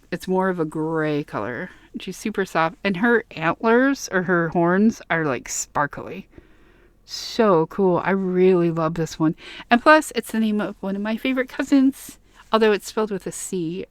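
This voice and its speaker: A woman vlogger chatting excitedly about her plush toys, gushing and giggling, with a slightly worn voice. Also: medium pitch, dry recording. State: voice getting worn. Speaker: vlogger showing a plush haul. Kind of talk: casual chat to camera.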